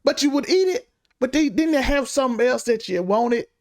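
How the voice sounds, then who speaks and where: A woman co-hosts a casual podcast of news commentary, arguing her point emphatically and pressing her co-host with questions. Her voice sits high and sounds animated, with a darkish tone and a fairly quick pace.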